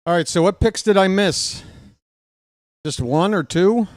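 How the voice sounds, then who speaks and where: A man's voice: high-pitched, measured pace, no echo, clean studio sound. A man hosting a casual live-stream watch-along, chatty and joking, reading chat aloud, out of breath.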